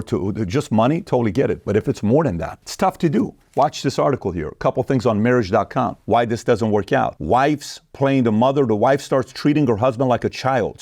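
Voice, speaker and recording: A man's voice: mid-range voice, darkish tone, no echo, studio quality. A man hosting a commentary monologue, talking emphatically and preachily with many rhetorical questions. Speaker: host.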